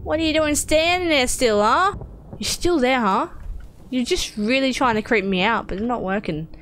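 High, jumpy woman gaming. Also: normal speed, a bit bright, slight background noise. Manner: jumpy, swearing, talks to herself. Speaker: gaming streamer. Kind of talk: horror game let's-play commentary.

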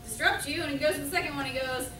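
A woman's voice: high-pitched, steady tone, racing, a bit bright. A woman telling pun jokes in a live improv game, acting out the characters. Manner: playful, acts out characters in jokes. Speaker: improv performer. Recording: echoey stage from a distant mic with noise.

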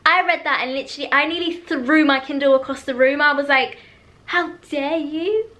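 A young woman gushes about books in a casual reading vlog. She is excitable and dramatic. Her voice is high and bright. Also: fast talker. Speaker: book vlogger.

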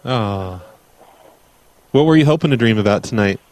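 A man's voice: fairly low pitch, expressive, normal speed, a little mellow. A man hosting a live prank call show, teasing a caller in a mock-earnest way.

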